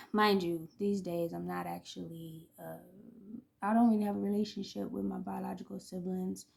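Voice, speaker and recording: A woman's voice: lowish voice, little pitch movement, moderate pace, vocal fry, a little mellow. A woman in her thirties, telling personal stories in a rambling, casual way, laughing often and sometimes dropping almost to a whisper. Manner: rambling, frequent laughs, drops to near-whispers. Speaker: oracle reader and vlogger.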